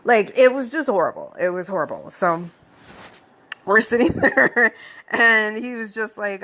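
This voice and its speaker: A young woman hosts a podcast and tells a personal story in loose, casual talk. Her voice swings high and low as she gets caught up in it, and she swears freely along the way. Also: moderate pace. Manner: animated, swears, laughs through her story. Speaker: podcast host.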